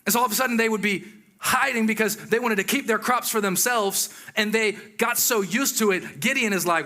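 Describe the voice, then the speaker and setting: Brisk and high-pitched, this preacher keeps his sermon lively and conversational. He throws in exclamations and speaks asides to the congregation.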